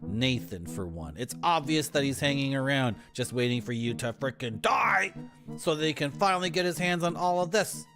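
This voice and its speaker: A man's voice: medium pitch, expressive, moderate pace, over music, natural voice. Haughty, demanding woman, indignant, read by a male streamer.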